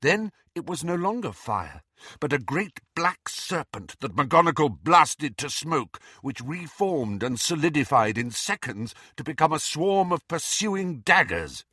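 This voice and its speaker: Expressive male audiobook narrator. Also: fairly high pitch, dry recording, studio quality. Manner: expressive, dramatic reading. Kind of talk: scripted narration.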